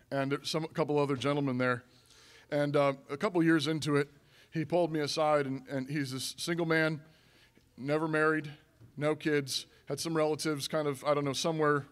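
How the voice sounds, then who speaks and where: A middle-aged male pastor preaching in a church, his voice sitting a little high for a man. He talks to the congregation in a loose, conversational way, circling back and repeating key words for emphasis. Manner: conversational preaching with frequent restarts and repetition. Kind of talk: sermon. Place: church sanctuary.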